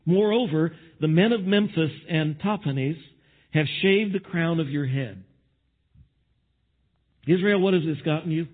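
A man's voice: high-pitched, breathy edge, phone-quality sound. A man giving an outdoor Bible teaching beside a spring, speaking emphatically in lists of short phrases.

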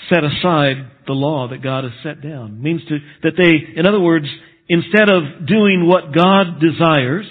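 A man preaching a sermon as a pastor, earnest and emphatic, dropping to a low hush on solemn points. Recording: tinny phone-like sound.

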